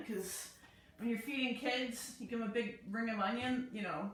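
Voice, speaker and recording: A woman with a fairly high voice at normal speed leads a live cooking class, chatting as she chops and preps food in her kitchen. A distant mic in a very echoey room picks her up along with a little hiss or hum.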